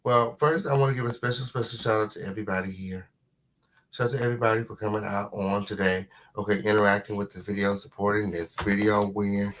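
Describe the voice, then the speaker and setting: A man hosting a casual live commentary stream at home, sassy and full of repeated drawn-out catchphrases. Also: on the low side, steady tone, fairly bright tone. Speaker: livestream host.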